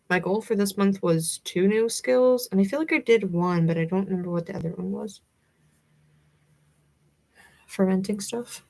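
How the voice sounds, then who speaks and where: A young woman with a light Southern accent chats casually with her livestream audience. Her voice carries a gravelly vocal fry, and she rambles with fillers and giggles, her pitch sitting right in the middle. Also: darkish tone. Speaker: livestream host. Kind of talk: casual chat with viewers.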